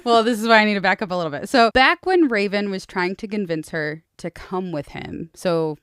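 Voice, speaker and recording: A woman co-hosting a casual book-club podcast, sarcastic and animated, swearing freely. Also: medium pitch, brisk, clear, resonant tone, dry recording, studio quality. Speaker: podcast co-host.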